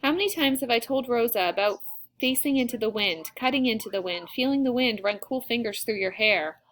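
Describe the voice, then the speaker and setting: A woman narrating a first-person novel aloud in a plain, steady storytelling manner. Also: fairly high pitch, brisk. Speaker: audiobook reader.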